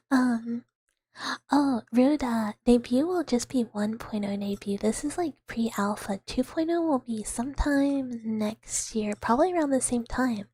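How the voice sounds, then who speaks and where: A woman VTuber streamer chatting with viewers in a soft ASMR whisper, rambling with fillers and giggles, close to the mic. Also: fairly high pitch, measured pace, slightly rough, no echo.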